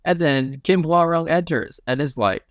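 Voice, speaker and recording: A man's voice: a little high, normal speed, dry recording. A man narrating a comic recap in a casual, slangy way, retelling each panel in plain speech.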